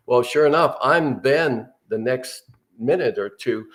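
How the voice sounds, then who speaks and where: A man's voice: mid-range voice, animated, a little slow. An older man, a guest actor, telling rambling anecdotes in a casual interview.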